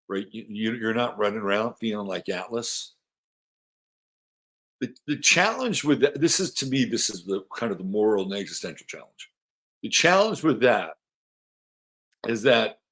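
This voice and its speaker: A man with a fairly low voice hosts an astrology show in a loose, casual way. He rambles and repeats phrases as he thinks aloud. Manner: rambling, chatty, repeats himself; coos softly to his dog. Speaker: astrology podcast host.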